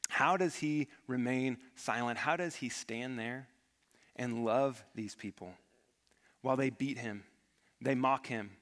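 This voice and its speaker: A man preaching a sermon with earnest emphasis, rising to stress points and letting his phrases fall away quietly. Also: medium pitch, long reverb tail. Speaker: pastor.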